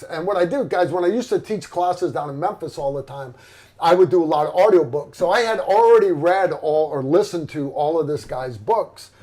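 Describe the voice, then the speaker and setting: A middle-aged man hosts a livestream, chatting casually in a rambling, blunt way full of fillers and restarts. His voice is fairly high-pitched with a darkish tone.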